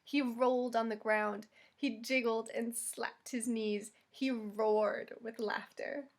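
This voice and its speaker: Slow, expressive storytime reader woman. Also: fairly high pitch, gravelly. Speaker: children's librarian. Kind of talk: reading a picture book aloud to children.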